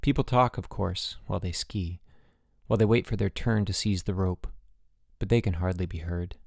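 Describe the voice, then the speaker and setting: A man narrating a literary audiobook in a measured, quiet and somber reading. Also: deep voice, fairly even intonation, vocal fry, no echo, studio quality.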